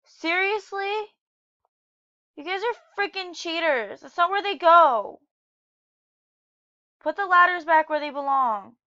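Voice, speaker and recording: A woman commentating her own gameplay who gets easily exasperated, swearing and yelling at the other players. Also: very high-pitched, slow, long pauses, no room sound, muffled recording. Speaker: gamer playing parkour maps.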